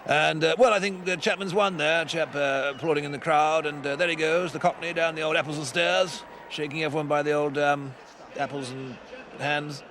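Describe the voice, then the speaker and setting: A man's voice: on the high side, steady tone, moderate pace, fairly bright tone, a little hiss or hum. Man doing plummy posh old toff commentator. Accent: upper-class English. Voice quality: plummy, rambling, offhand. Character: pompous aristocratic old English commentator, callous and rambling. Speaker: comedy voice-over commentator. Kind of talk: improvised comic commentary over old footage.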